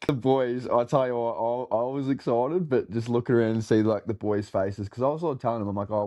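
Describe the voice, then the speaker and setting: A man's voice: fairly low pitch, mellow. A young Australian man telling a rambling party story in casual chat, laughing and swearing a lot. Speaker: co-host telling a road-trip story.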